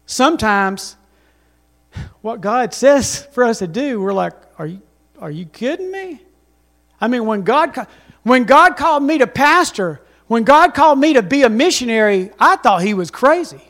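A man's voice: extremely high pitch, expressive, moderate pace, a bit bright. A man preaching a sermon as pastor, telling stories with emphasis and calling on the congregation to respond.

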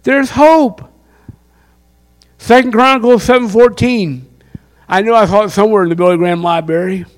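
High-pitched impassioned preacher. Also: male voice, normal speed, long pauses. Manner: impassioned, asks the crowd questions. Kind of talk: sermon.

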